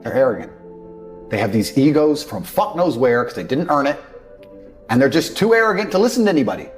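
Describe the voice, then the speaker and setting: Blunt man lecturing over soft music. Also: mid-range voice, sing-song, a little fast. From England. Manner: mocks others by acting out their excuses. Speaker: motivational speaker. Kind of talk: motivational speech. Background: faint background music.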